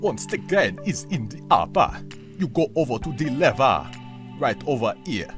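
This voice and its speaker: A man voicing a tutorial guide in a made-up, hard-to-place accent, giving slow step-by-step instructions. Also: medium pitch, very animated, over music, close to an everyday voice. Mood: instructive.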